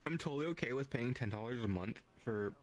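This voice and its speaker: A man's voice: mid-range voice, expressive, fast talker. A man chatting casually in a VR game, laid-back and swearing freely. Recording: online voice chat with crowd chatter.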